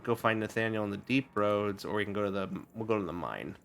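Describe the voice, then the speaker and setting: A man's voice: on the low side, quick pace, vocal fry, fairly bright tone, slight background noise. A male streamer giving casual, rambling commentary over a game, laughing often.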